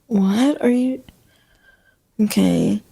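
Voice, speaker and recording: A woman's voice: fairly high pitch, wildly swooping pitch, extremely slow, gravelly, mellow, husky, dry recording. A young woman co-hosting a podcast, frightened and protesting as she reacts to a scary story. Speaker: podcast co-host. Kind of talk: casual podcast chat.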